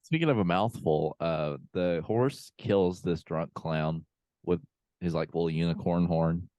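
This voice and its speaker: A laid-back man with a very low voice, co-hosting a podcast over a video call. He drawls through his sentences with plenty of fillers, and the sound is dry and close. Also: a little slow, mellow, no echo. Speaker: podcast co-host. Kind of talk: casual chat reviewing a film.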